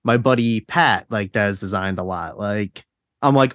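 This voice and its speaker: A man's voice: lowish voice, normal speed, a bit bright, dry recording. A man hosting a casual podcast chat, rambling along, laughing often and swearing casually. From South Jersey. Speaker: podcast host.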